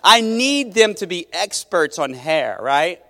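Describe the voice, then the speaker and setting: A man's voice: high-pitched, sing-song, takes it slowly, pushed and bright. Chatty male preacher in a reverberant hall. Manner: conversational, restarts phrases, asks the audience questions. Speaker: pastor. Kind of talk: sermon. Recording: long reverb of a large hall.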